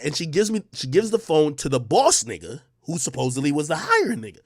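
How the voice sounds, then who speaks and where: Animated high-voiced man telling a story. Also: fast talker, no echo, clean studio sound. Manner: animated, profane slang, acts out the dialogue. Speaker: streamer. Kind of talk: casual storytelling to a live chat.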